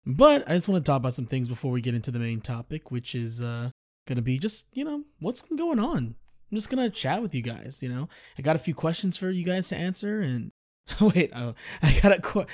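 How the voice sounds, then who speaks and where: A man's voice: on the high side, no echo, clean studio sound. A man hosting a podcast on his own, chatting casually to listeners in a rambling way and often restarting his sentences. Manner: rambling, self-correcting, chatty. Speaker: podcast host. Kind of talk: casual solo chat.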